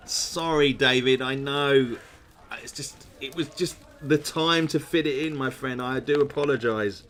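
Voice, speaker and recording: A man's voice: medium pitch, measured pace, fairly bright tone, slight background noise. A man, hosting a gamebook session, reading aloud and chatting in musing asides. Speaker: host playing a gamebook.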